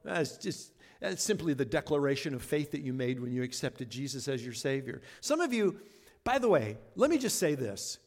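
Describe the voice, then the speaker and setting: A man's voice: mid-range voice, very animated, normal speed. A man pastor preaching a sermon in an earnest, conversational way, leaning on words for emphasis. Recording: long reverb of a large hall.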